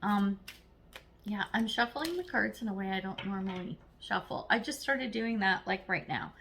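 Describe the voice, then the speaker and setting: A woman's voice: medium pitch, animated, moderate pace, gravelly, a bit bright, a little hiss or hum. A woman giving a casual, chatty tarot reading, blunt and encouraging, acting out little quoted voices as she goes. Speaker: tarot reader.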